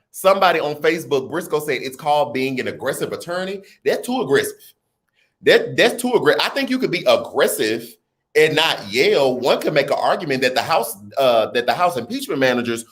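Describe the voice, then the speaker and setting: A man's voice: fairly high pitch, a bit bright. A man hosting a casual livestream, reading viewer comments aloud and riffing on them with laughter and slang. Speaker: livestream host.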